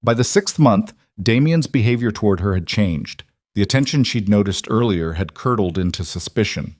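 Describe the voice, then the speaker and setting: Brief: male narrator, low voice, measured dramatic read, dry close recording. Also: expressive, a little mellow, no room sound. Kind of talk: scripted story narration.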